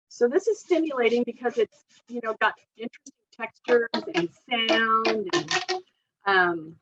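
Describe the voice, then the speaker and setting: A woman's voice: on the high side, lively intonation, unhurried, pauses often, fairly bright tone, dull audio, a little hiss or hum. A woman occupational therapist giving an informal training talk to parents, chatty and loose, with many fillers and frequent small laughs.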